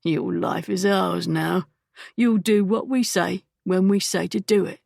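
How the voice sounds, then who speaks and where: A woman reading an audiobook voices a rough-spoken male thug who sneers and threatens as he bosses the others around. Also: on the low side, measured pace, a little mellow, no room sound, clean studio sound, exaggerated voice. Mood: sneering.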